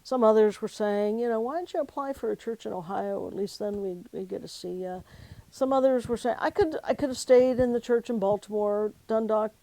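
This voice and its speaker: Gravelly-voiced woman recalling her life. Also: mid-range voice, dark tone, rough recording. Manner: reflective, emotional, quotes conversations. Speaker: oral history interviewee, former pastor. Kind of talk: personal storytelling.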